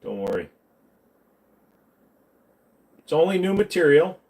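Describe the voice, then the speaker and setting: A man's voice: a little high, very animated, slow pace, darkish tone, rough recording. A man hosting a casual livestream, answering viewer questions with crude jokes and banter aimed at his chat. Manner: crude joking banter, talking back to chat.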